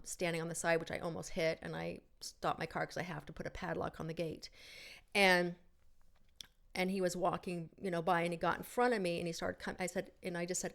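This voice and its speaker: A woman's voice: lowish voice, clear, resonant tone. A middle-aged woman co-hosting a casual chat and telling a story with many fillers and restarts. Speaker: podcast co-host.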